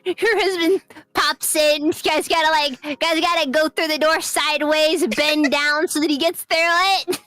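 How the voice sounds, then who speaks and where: A woman guest on a podcast chatting excitably, repeating herself and stumbling into jokes. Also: sits high, unhurried, few pauses, no echo, soft background music. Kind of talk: casual chat.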